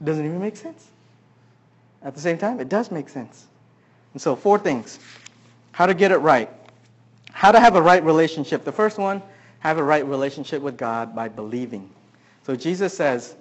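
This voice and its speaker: A man preaching a sermon, who keeps asking the congregation questions and swings between loud emphasis and quiet asides. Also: on the high side, lively intonation, moderate pace, highs cut off. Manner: asks the audience many questions. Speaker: pastor.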